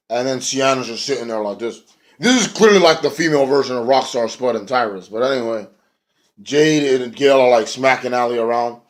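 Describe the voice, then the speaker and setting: A man reviewing a wrestling show in a casual, rambling rant, swearing freely and acting out what the wrestlers said. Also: medium pitch. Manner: rambling and profane, acts out quotes.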